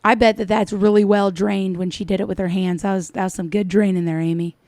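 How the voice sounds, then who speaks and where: A woman's voice: mid-range voice, fairly even intonation, fairly quick, darkish tone, no room sound. A woman giving sarcastic, scolding reaction commentary over a cooking video. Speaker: commentator reacting to another vlogger.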